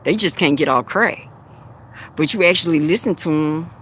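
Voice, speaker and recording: A woman's voice: deep voice, normal speed, a bit bright, slight background noise. A woman giving an impassioned spiritual talk as a livestream host, preachy and repetitive. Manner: passionate, preachy, repeats herself.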